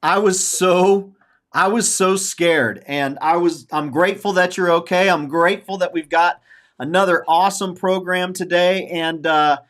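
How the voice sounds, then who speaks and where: A podcast host in his forties talks earnestly and openly about his feelings on a casual show, circling back and repeating phrases as he rambles. His voice sits high and fairly bright, steady in tone and a little slow.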